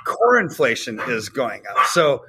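A man talks through economic news in a relaxed, conversational way. His voice sits at an ordinary middle pitch, and he keeps pulling the listener along with quick rhetorical asides. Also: heavy background noise. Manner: conversational, explains with rhetorical "right?" tags. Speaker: podcast co-host. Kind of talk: casual commentary on economics.

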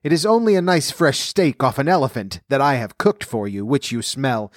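A man voicing a frightful one-eyed giantess in a storybook reading, loud and commanding. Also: mid-range voice, normal speed, dry recording, clean studio sound, lightly acted.

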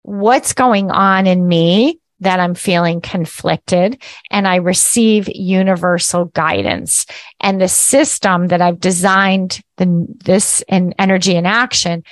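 A woman hosting a casual spiritual teaching talk, chatty and lively, laughing at herself and often checking in with "right?". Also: lowish voice, slow, no echo.

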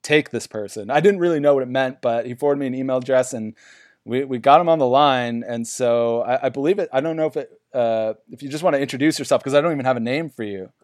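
Casting: male podcast host, over-eager, filler-heavy, middle pitch, dry recording. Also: fast talker, dry recording. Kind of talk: parody business podcast chat.

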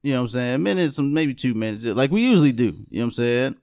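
A young man hosting a podcast, telling a long story in an easygoing, chatty way. His voice has an ordinary middle pitch and sounds close and dry, with hardly any room sound behind it. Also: sing-song, fast, gravelly, a little mellow, no echo. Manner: laid-back storytelling, frequent laughs and "you know what I'm saying". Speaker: podcast host. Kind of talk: casual podcast chat.

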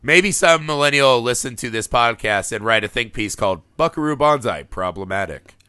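A man hosting a podcast, chatting casually about a film, animated and laughing often with casual swearing. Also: medium pitch, brisk, clear, resonant tone, dry recording, clean studio sound. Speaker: podcast host.

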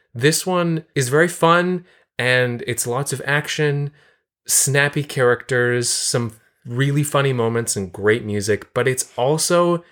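A woman co-hosting a casual chat about a film, explaining at length with enthusiasm. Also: rumbling low. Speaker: podcast co-host. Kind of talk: casual movie discussion.

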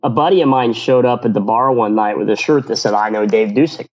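A man's voice: mid-range voice, quick pace, highs cut off. A man, a business owner, telling stories in a casual radio interview, rambling with many restarts and acting out quotes.

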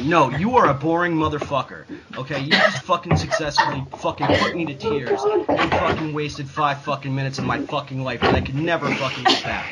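A man's voice: fairly high pitch, expressive, brisk, hardly any pauses, a loud crowd, poor audio. A man co-hosting a comedy podcast, rambling through his stories with loads of swearing and fillers. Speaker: podcast co-host. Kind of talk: profane comedic podcast banter.

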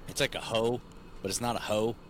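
A man's voice: on the low side, steady tone, a little fast, slight background noise. A man co-hosting a podcast in casual chat, chiming in with short joking quips. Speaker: podcast co-host.

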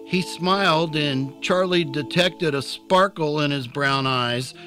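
A man narrating an audiobook chapter in a calm, unhurried storytelling manner. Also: on the high side, soft background music.

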